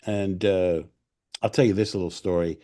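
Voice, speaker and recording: A man's voice: low-pitched, fairly even intonation, moderate pace, mellow. A man in his sixties, a screenwriter, telling stories casually as an interview guest; rambling and profane, with lots of fillers and restarts. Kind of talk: casual anecdotal storytelling.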